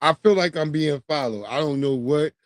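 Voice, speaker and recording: A man telling a long, profane childhood story on his livestream in a streetwise, animated way. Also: a little high, normal speed, no echo, studio quality. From New York. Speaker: livestream host. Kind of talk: casual storytelling.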